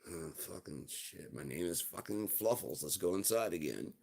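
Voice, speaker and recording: A man's voice: low-pitched, animated, normal speed, gravelly, darkish tone, husky, exaggerated voice. A man voicing a cranky, foul-mouthed small male pet dog who gripes and swears. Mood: defiant. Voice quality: profane, griping.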